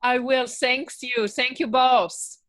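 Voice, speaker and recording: A woman's voice: high voice, steady tone, takes it slowly, fairly bright tone. Moved, grateful woman volunteer. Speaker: healing volunteer. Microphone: video call.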